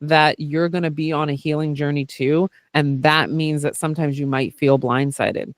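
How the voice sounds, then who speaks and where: Male podcast host, therapist type, higher pitch, loose and sweary, filler-heavy casual delivery. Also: moderate pace, dry recording, clean studio sound. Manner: candid and animated, swears freely, peppers talk with "like" and "right?". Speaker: podcast host and therapist doing intuitive work.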